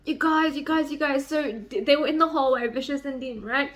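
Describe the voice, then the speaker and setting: A young woman vlogging at home about a book she is reading, reading passages aloud and reacting with excited squeals and swearing. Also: fairly quick. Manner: gushing and excitable, swings into high squeals and swearing. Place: home, near a microwave.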